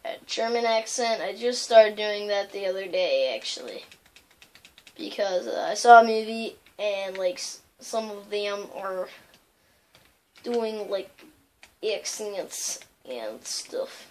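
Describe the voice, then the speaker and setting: A woman's voice: mid-range voice, animated, takes it slowly, slight background noise. A woman hosting a casual let's-play of a video game, rambling along with lots of fillers and loose asides. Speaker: gaming channel host.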